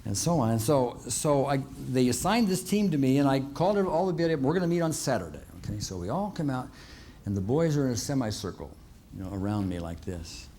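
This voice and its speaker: A man's voice: medium pitch, sing-song, brisk, mellow, slight background noise. A man telling a long personal story to an audience in a folksy way, often chuckling and checking in with "okay?". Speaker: motivational speaker.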